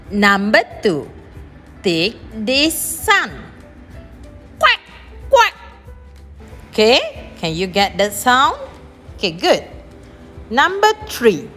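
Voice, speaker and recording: A woman with a Malaysian accent teaching a lesson to young children, slowly repeating each instruction in two languages. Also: on the low side, fairly bright tone. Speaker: primary school teacher.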